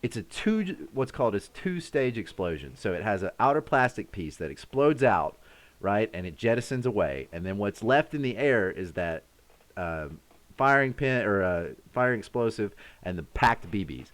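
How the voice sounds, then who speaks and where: Animated man telling a war story. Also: fairly low pitch, moderate pace. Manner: animated, acts out sounds and his own shouts. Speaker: live stream host. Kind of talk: casual storytelling to a live chat.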